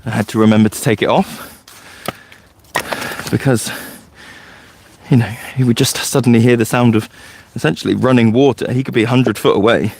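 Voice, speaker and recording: In a casual podcast chat, a man who leads a forest school explains things in a loose, storytelling way. His mid-range voice has a darkish tone and vocal fry, with fairly even intonation at normal speed. There's slight background noise.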